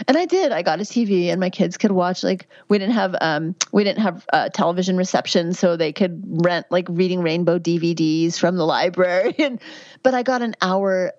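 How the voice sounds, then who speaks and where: A woman's voice: on the low side, normal speed, darkish tone, no room sound, highs cut off. A woman in her fifties, a midwife guest on a podcast, talking candidly and chattily about motherhood and health. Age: 50s. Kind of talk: conversational interview answers.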